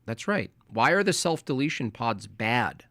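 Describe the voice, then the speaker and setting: An American man giving sarcastic, argumentative commentary on a debate clip, speaking in rapid bursts. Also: medium pitch, big pitch swings, fairly bright tone, no room sound. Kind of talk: casual commentary.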